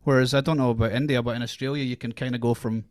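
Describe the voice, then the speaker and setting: A man's voice: medium pitch, steady tone, very fast, a little mellow, dry recording, studio quality. Rambling Scottish man co-hosting a podcast. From Scotland. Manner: rambling, many restarts and fillers, laughs often. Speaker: podcast co-host. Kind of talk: casual podcast chat.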